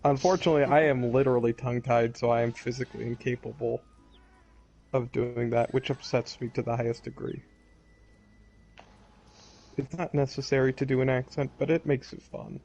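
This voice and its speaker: A man's voice: mid-range voice, steady tone, fairly quick, creaky, long pauses, a little mellow, dull audio. A man chatting casually and jokingly as he leads planning for a tabletop game, laughing often.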